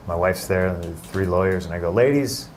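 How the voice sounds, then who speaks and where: A man telling a heartfelt personal story as an interview guest, halting and repeating himself when moved. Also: deep voice, monotone, slight background noise. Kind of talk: emotional storytelling.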